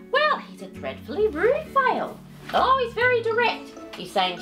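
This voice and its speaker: A woman's voice: extremely high pitch, wildly swooping pitch, moderate pace, music in the background. Sing-song doting woman storyteller. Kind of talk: reading a picture book aloud.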